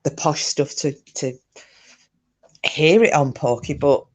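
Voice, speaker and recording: British woman hosting a live stream from home; chatty, jumpy, quick to giggle. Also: sits low, muffled recording. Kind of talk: casual live-stream chat. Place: home sofa.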